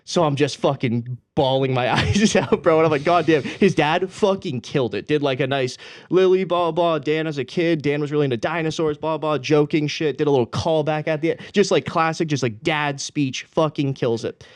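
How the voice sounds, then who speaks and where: A young man tells a long story on a podcast, rambling and profane, heavy on slang and quick laughs. His voice sits a little high, and the sound is dry and close. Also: dry recording. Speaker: podcast co-host.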